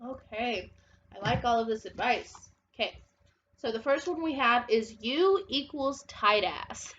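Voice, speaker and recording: A woman's voice: a little high, animated, measured pace, a bit bright, highs cut off, a little hiss or hum. Casual, blunt woman tarot reader. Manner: chatty, blunt, swears, laughs often. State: congested, feeling unwell.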